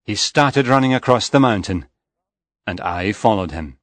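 A man reading a first-person story aloud in a slow, measured and even way. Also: fairly low pitch, dry recording. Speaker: audiobook narrator.

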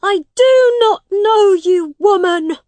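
A woman's voice: very high voice, slow, dry recording, pitched above the performer's own voice. A woman doing an anguished young boy. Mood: shouting, anguished. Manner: shouting, then sad. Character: young pauper boy posing as king, anguished.

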